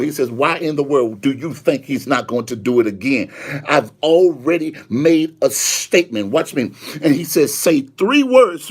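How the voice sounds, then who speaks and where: A man's voice: a little high, slightly rough. A man preaching a live online prophetic sermon, fervent and repetitive, urging listeners to say the words back to him. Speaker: pastor.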